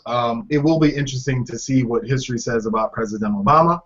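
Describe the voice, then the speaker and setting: A man hosting a casual podcast, chatting about news with jokes and quick asides. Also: mid-range voice. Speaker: podcast host. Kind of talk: casual political chat. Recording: dull lo-fi podcast audio.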